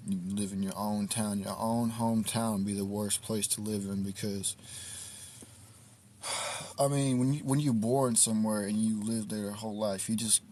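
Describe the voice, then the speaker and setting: Man, low voice, easygoing reflective streamer, outside at night, faint ambient hum behind. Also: darkish tone. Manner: laid-back, reflective, drawn-out talk. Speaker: livestream host. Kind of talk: casual livestream monologue. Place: outdoors at night in the cold.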